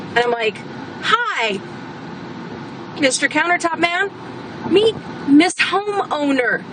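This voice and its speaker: A woman's voice: high-pitched, very animated, takes it slowly, long pauses. A woman venting in a casual, blunt rant as a homeowner, exasperated and swearing freely. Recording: background traffic noise.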